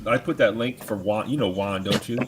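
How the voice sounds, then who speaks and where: A man talking in an easygoing, soft way as a guest in a casual panel chat. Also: lowish voice, brisk, a loud crowd. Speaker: panel guest and channel owner.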